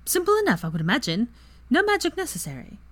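A woman's voice: on the high side, wildly swooping pitch, quick pace, a bit bright, dry recording, pitched above the performer's own voice, full character voice. A woman reading aloud and voicing a bold, frank young witch. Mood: brazen.

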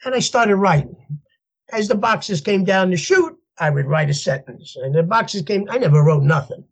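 Husky older man telling his story. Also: high-pitched, moderate pace. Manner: animated, laughs as he tells stories, acts out voices in quotes. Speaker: podcast guest. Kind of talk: storytelling interview.

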